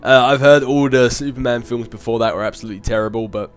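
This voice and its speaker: Faint music plays behind a young man answering his viewers' questions on his channel in a loose, chatty Q&A. He talks fast at a medium pitch, rambling, laughing a lot and humming filler sounds.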